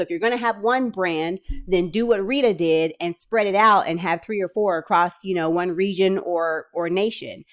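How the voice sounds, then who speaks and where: A woman reading out grant details and breaking in with chatty, excited commentary for her viewers. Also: fairly low pitch, moderate pace, hardly any pauses. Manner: enthusiastic, chatty asides, bursts of excitement. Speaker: small business funding vlogger.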